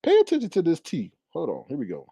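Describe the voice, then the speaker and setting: A man's voice: a little high, huge pitch swings, quick pace, creaky, mellow, breathy edge, no echo. A man hosting a casual livestream gossip show, chatting and laughing as he talks straight to his viewers. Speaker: YouTube commentary host.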